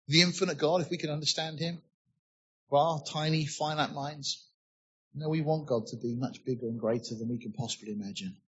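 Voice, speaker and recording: A man's voice: medium pitch, slightly rough, muffled recording. A man preaching a sermon, earnestly explaining scripture and asking rhetorical questions.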